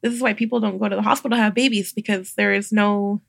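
A young adult woman, a midwife guest on a podcast, telling a personal story in a casual, animated way and acting out the voices of others. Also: medium pitch, quick pace, creaky, no echo, clean studio sound. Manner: animated, acts out quoted voices, laughs often.

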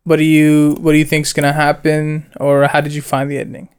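Smooth-voiced young man, animated and rambling. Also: a little high, a little fast. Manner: rambling, animated slang-heavy storytelling. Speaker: co-host reviewing a film. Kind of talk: casual chat.

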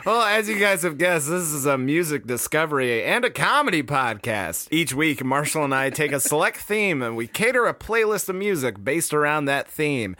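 A man's voice: on the high side, very animated, moderate pace, hardly any pauses, bright, forceful tone, dry recording, clean studio sound. A man co-hosting a casual comedy podcast, laughing often and swearing loosely. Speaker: podcast co-host.

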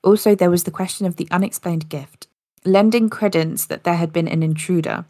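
A woman's voice: on the low side, fairly quick, dark tone, no echo, clean studio sound. A woman narrating a story in a casual podcast style, with occasional slips and restarts.

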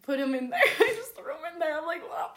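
A young woman tells an embarrassing story in casual conversation, swearing a lot and acting out her own quotes as she goes. She talks fast in a high-pitched voice, and her storytelling is animated.

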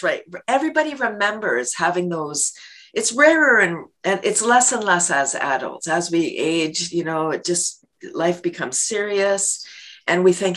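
A woman being interviewed who laughs often and acts out quick little scenes as she talks. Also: fairly low pitch, animated, fairly bright tone. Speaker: guest, laughter yoga leader and worm business owner. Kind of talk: enthusiastic interview talk.

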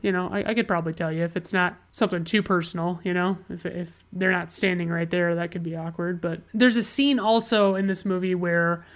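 A woman's voice: lowish voice, fairly even intonation, a little fast, few pauses. Sarcastic woman reviewing bad movies. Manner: sarcastic, profane, frequent restarts. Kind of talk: casual movie review monologue.

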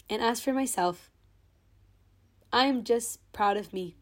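A woman's voice: fairly high pitch, slow pace. A young woman hosting her own podcast, speaking a sentimental thank-you monologue and holding back happy tears. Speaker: podcast host. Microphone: own camera.

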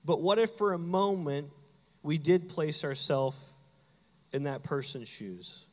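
A high-pitched man preaches a sermon to his congregation. He talks in a playful, conversational way, acting out quick asides. His voice rings with the long reverb of a church sanctuary. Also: animated. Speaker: pastor. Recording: hall reverb.

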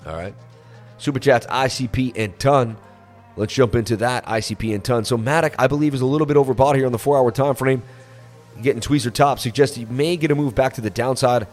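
A man hosting a crypto livestream, chatting casually and reading viewer messages in a relaxed, rambling way with lots of fillers. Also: mid-range voice, a little fast, faint music behind. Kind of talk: casual livestream chat reading super chats. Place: on vacation in Florida.

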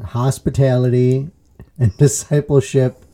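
A man's voice: medium pitch, flat delivery, measured pace, warm tone. A man co-hosting a casual faith podcast, rambling with fillers and restarts and laughing easily. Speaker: podcast co-host. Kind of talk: casual chat.

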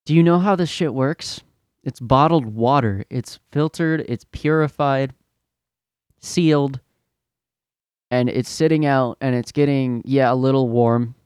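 A man's voice: medium pitch, a little mellow, smooth, dry recording, clean studio sound. A young man hosting a podcast, ranting in a fed-up, profane, exasperated way about his retail job. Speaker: podcast host, retail worker.

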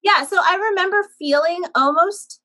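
A woman guest in a casual interview chat, telling animated stories and laughing a lot. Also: very high-pitched, normal speed. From Pennsylvania, USA. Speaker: guest, painter.

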